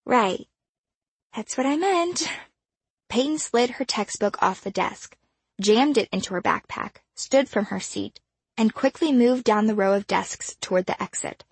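Gravelly-voiced woman narrating a story. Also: medium pitch, dry recording. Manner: measured, expressive storytelling. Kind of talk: audiobook narration.

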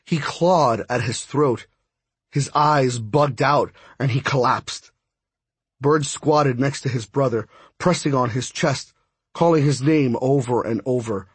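A man reading a first-person audiobook in a measured, steady way. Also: medium pitch, slightly rough, no room sound. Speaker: audiobook narrator.

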